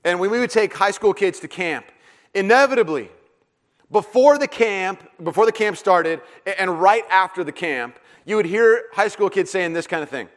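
A man's voice: high voice, moderate pace. A middle-aged man preaching a sermon, a pastor telling self-deprecating stories and acting out the voices in them. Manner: storytelling, self-deprecating, animated retelling with acted-out voices. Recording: long hall reverb.

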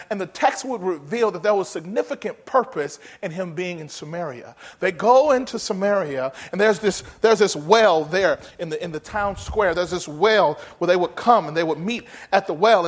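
A man preaching a sermon in a folksy, humorous, animated way. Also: high voice. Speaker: pastor.

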